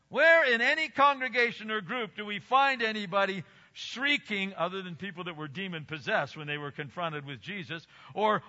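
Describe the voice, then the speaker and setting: An older male pastor preaches with a bright, slightly high voice, his delivery rising into forceful exclamations and dropping into quiet asides. The recording sounds dull and muffled, and a long reverb trails behind his words. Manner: emphatic, swinging between loud exclamations and quiet asides. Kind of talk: sermon. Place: church sanctuary.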